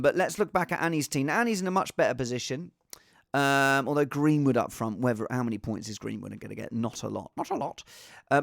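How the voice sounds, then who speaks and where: A man giving casual, rambling fantasy football advice in an excitable, self-deprecating way. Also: a little high, no echo, studio quality.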